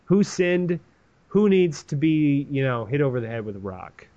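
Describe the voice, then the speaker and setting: Guy hosting, retelling a story in a rambling, sweary way, kinda high voice, dull lo-fi sound. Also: moderate pace. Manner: profane, animated, rambling. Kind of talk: casual comedic retelling.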